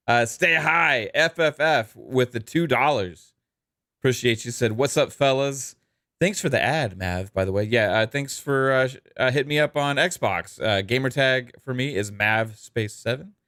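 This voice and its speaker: A relaxed man co-hosting a casual gaming podcast, thanking viewers and riffing on news at an easy pace. His voice sits in a middle register and sounds close and dry, with no room around it. He fills pauses with ums and chuckles often. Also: medium pitch, no echo. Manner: laid-back, laughs easily, many ums and uhs. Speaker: podcast co-host. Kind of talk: casual podcast chat reading super chats.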